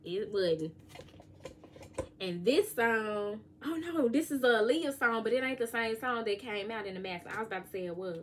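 A woman, giving a casual, joking tarot reading and sometimes singing bits of songs softly. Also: fairly high pitch, animated, normal speed, slight background noise. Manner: chatty, joking, sings lyric snippets softly. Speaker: tarot reader.

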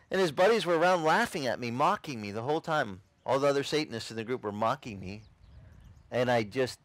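A man preaches a testimony sermon at an outdoor beach service with a brisk, lively delivery and a mid-range, slightly bright voice, recorded with no echo. As a pastor telling his story, he dramatizes it, performing the scenes as he narrates them.

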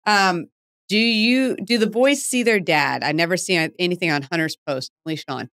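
Chatty woman in her 40s hosting a podcast, laughs a lot, lowish voice. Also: normal speed, fairly bright tone. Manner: chatty, laughs often, self-deprecating. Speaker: podcast host. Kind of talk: casual chat.

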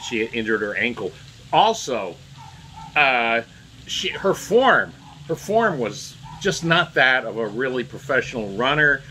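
Bright-voiced man, halting commentary. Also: mid-range voice, very animated, slight background noise, low-quality recording. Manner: halting, repeats words while restarting. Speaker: political commentator. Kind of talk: casual monologue to camera.

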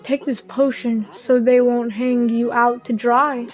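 A woman voicing a wise old male kettle who gives calm, grave advice. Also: a little high, unhurried, dull audio, faint music behind, natural voice. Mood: advising.

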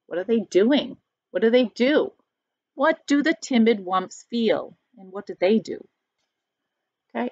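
A woman's voice: medium pitch, dry recording. Lady teacher reading a story to kids, stops to explain words and ask questions, dull dry home recording. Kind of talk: reading a picture book aloud to children.

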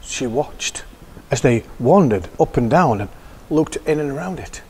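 A man telling a children's story, voicing the characters in higher pitches. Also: measured pace, slightly rough. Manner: lively, voices the girls in higher pitch.

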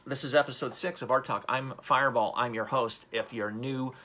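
A man's voice: mid-range voice, steady tone, moderate pace, sharp tone. A man hosting a live-streamed motivational talk, upbeat and rambling as he urges viewers on. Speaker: host.

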